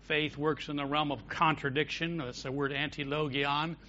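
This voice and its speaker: A man preaching a sermon as pastor of a church, shifting between loud emphatic declarations and quiet storytelling. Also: a little high, level tone, normal speed, lo-fi sound, slight background noise.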